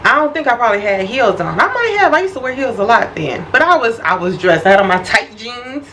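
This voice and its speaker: A young woman vlogger telling a personal story in an animated, expressive, casual way. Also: fairly high pitch, brisk, slight background noise, poor audio. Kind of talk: storytime vlog.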